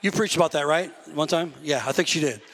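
Pastor, male, high bright voice, lively conversational sermon delivery, echoey church hall. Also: fairly quick, slight background noise. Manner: animated, conversational preaching with church call-outs.

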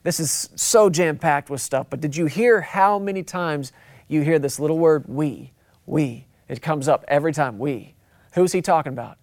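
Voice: mid-range voice, darkish tone, no room sound. Emphatic pastor preaching, dry sound. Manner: emphatic, slows down to stress key phrases; calls out to the congregation. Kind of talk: sermon. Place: church.

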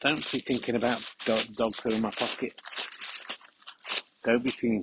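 Deadpan rambling man on a country walk. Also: medium pitch, normal speed, long pauses, very noisy. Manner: deadpan, mock-serious, rambling. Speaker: podcast host. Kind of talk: comic rambling monologue on a walk. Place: outdoors in the countryside, walking a dog.

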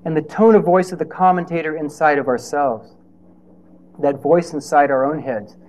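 A man's voice: on the high side, steady tone, normal speed, a little mellow. A man preaching a sermon in a conversational way, with rhetorical questions and playful asides.

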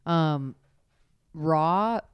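A woman's voice: low-pitched, very slow, clean tone. A woman guest on a casual film podcast, talking animatedly, giggling and swearing casually.

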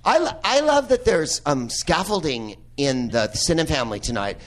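A man's voice: fairly high pitch, very animated, normal speed. A man hosting a live podcast in a movie theater, riffing on a film with profane, laughing asides. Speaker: podcast host. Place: old movie theater with audience.

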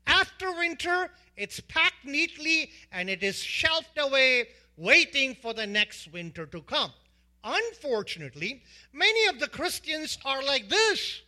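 A man's voice: very high voice, pushed and bright. A man preaching a sermon as pastor, emphatic, repeating lists of words and asking the congregation questions.

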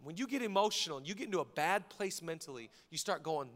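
Bright high-voiced male preacher. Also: lively intonation, quick pace. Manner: preaching with swings from hushed to shouted emphasis; acts out dialogue in quoted voices. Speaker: pastor. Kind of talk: sermon.

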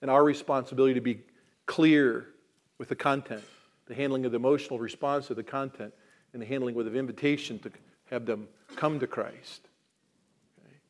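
A male pastor delivering a sermon, swinging from loud emphatic declarations to quiet asides and questioning the congregation. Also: mid-range voice.

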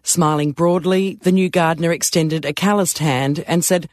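A man narrating a story in a calm, measured way. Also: a little high, dry recording, studio quality.

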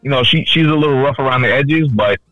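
A man co-hosting a casual podcast chat, telling stories loudly with lots of swearing and acted-out quotes. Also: mid-range voice, quick pace, no room sound, lo-fi sound, faint music behind. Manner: animated storyteller, loud and swearing, acts out quotes. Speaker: podcast co-host.

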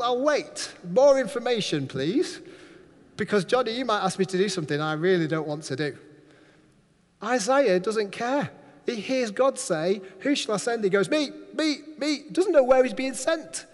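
A man preaching a sermon in a lively, playful way, acting out the voices he quotes. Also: high-pitched. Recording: long hall reverb.

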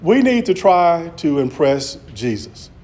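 A man's voice: a little high, very animated, unhurried, darkish tone, slight background noise. Earnest man preaching a sermon. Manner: earnest, repetitive, stammering restarts.

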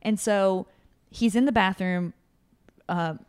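A woman's voice: mid-range voice, slow pace, darkish tone, clean tone. A woman hosting a podcast, chatting casually and animatedly with lots of filler words. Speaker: podcast host. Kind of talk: casual chat.

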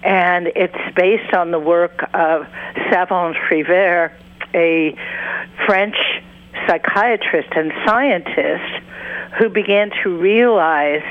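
A counselor and author talking as an interview guest, earnest and unhurried, acting out little quotes along the way. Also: mid-range voice. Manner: unhurried, earnest, acts out quotes in other voices. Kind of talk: interview over the phone. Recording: tinny phone line.

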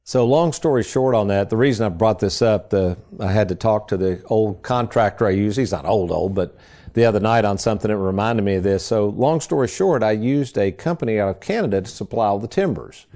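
A man's voice: on the low side, fairly quick, dark tone. A man, hosting a financial radio show in a casual, folksy storytelling way. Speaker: financial advisor and radio host.

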